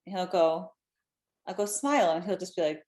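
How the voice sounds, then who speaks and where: A woman's voice: on the low side, a little fast. Chatty woman hosting a live stream. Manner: chatty, animated, lots of fillers. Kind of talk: casual live-stream chat.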